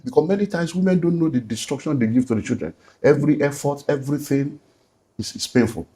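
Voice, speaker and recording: A man's voice: mid-range voice, fast talker, mellow. A middle-aged man with a Nigerian accent, a pastor giving an emotional personal testimony as a guest and slipping into Pidgin. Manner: earnest, slips into Nigerian Pidgin.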